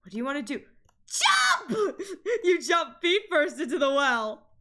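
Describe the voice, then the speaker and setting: Excitable high-voiced woman streaming a game. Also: moderate pace. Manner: excitable, laughing, dramatic shouts. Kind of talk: gaming stream, reading game text aloud.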